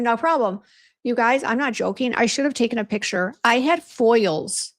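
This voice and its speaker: A beauty brand owner hosts a livestream, her voice a little high and her pace normal. She reads viewer comments and greets people by name while venting about a bad hair appointment, her casual talk full of fillers and restarts.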